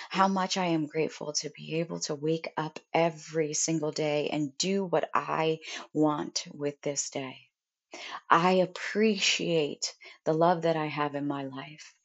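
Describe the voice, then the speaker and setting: A young woman, a mother, talking earnestly and deliberately about gratitude in a reflective self-help monologue. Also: low voice, gravelly. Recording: dull lo-fi sound.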